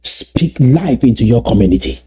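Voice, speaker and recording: A man from Southern Cameroons, giving an emphatic motivational address that repeats and slowly stresses key phrases. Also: medium pitch, big pitch swings, warm tone, slightly rough. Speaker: activist speaker.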